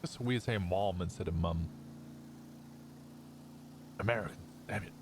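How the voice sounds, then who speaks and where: A man's voice: low-pitched, unhurried, noisy background. A British man streaming a roleplay game, chatting casually in character, laughing easily and trailing off into restarts.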